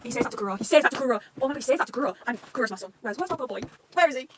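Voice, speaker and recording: A woman recapping a manga arc as a fan reaction, excitable and swearing a lot, breaking into gushing shouts. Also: fairly high pitch, very fast, background noise. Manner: excitable, swears often, gushes and shouts in bursts. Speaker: manga reaction channel host.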